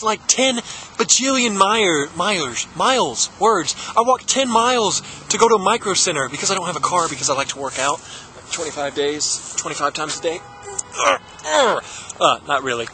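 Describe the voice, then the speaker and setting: Young guy, high animated voice, hyper goofball vlogger riffing on silly tangents. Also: normal speed, a little hiss or hum. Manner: giggles often. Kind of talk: comedic impression vlog.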